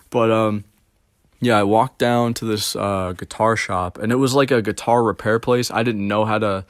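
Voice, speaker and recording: Rambling young man with a low voice. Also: steady tone, unhurried, no room sound, clean studio sound. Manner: rambling, heavy filler words, swearing. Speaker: streamer. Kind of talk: casual storytelling.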